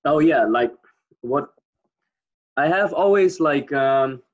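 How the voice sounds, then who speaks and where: A man's voice: a little high, expressive, takes it slowly. A man with a Dutch accent chatting casually, hesitant and searching for words with many fillers. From Netherlands. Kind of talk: casual chat. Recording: dull lo-fi sound.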